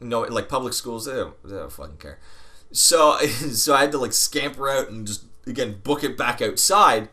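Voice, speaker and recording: A man's voice: mid-range voice, lively intonation, normal speed, pushed and bright. A man hosting a gaming video, telling a long casual story in a rambling, profane way while playing. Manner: rambling, profane, often laughing. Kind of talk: casual storytelling over gameplay.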